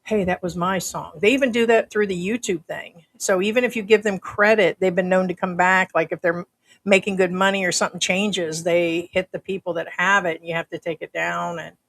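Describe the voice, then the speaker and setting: Older american lady chatting on her livestream, lowish voice, greets folks in chat. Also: fairly even intonation, a little fast, a bit bright. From United States. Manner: chatty, reads out viewer comments. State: uses a breathing machine. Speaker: livestream host.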